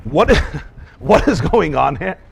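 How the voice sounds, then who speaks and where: Male rabbi, Talmud class lecture; high, very lively delivery with rhetorical questions. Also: slow pace, creaky, a little hiss or hum. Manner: animated, asks rhetorical questions, mixes in Yiddish and Hebrew terms.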